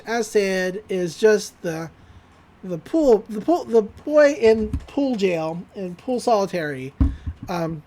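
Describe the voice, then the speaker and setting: A podcast co-host retells a cartoon episode in an animated way, giggling as they go. Their voice sits at a middling pitch, and there's a little hiss or hum.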